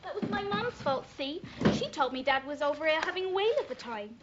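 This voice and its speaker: A woman's voice: sits high, animated, fast. An actress playing a sixteen-year-old girl, lonely and attention-seeking, who talks coyly in a TV drama. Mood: chatty. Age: teens. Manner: coy, then hurt. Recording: muffled old TV soundtrack with faint hiss.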